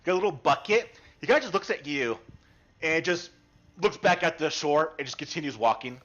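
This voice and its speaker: Lively man running a tabletop game. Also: a little high, brisk, highs cut off. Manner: rambling, restarts often, asks players what they do. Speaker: game master.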